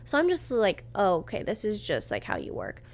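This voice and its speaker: A woman podcast host telling a candid personal story, swearing freely and swinging from quiet murmurs to loud outbursts as she acts out her own reactions. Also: mid-range voice, huge pitch swings, fairly quick, gravelly.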